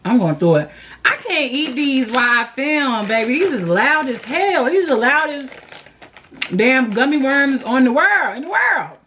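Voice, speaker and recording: A woman's voice: sits high, animated, measured pace, fairly bright tone, slight background noise. A young woman, a beauty vlogger, rambling through a makeup tutorial in a slangy, playful way, laughing and sighing often. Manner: rambling, self-deprecating, laughs and sighs often.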